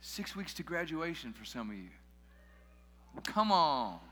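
A man's voice: a little high, big pitch swings, unhurried, sharp tone, soft background music. A man preaching a sermon in a casual way, with joking asides to his listeners. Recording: long hall reverb.

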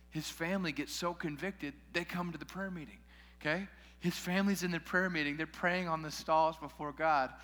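A man preaches to his congregation in a relaxed, conversational sermon style and throws in joking asides to the crowd. His voice sits a bit high and has a bright, forceful edge. It rings out in a large church hall with a long reverb.

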